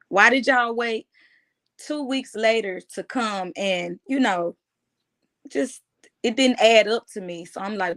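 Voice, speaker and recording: A woman, giving a halting, emotional personal account in an interview, often restarting her phrases. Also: mid-range voice, a bit bright. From United States. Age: 30s.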